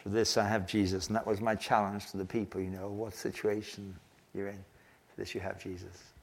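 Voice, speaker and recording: An older man preaching a sermon, telling a story earnestly and slowing down to stress key phrases. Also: on the low side, level tone, gravelly. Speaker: pastor.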